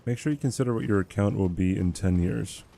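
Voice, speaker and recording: Young male streamer, low gravelly voice, rambling casual gaming chat. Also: fairly quick, mellow, a little hiss or hum. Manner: rambling, laughs often, self-deprecating. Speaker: livestreamer.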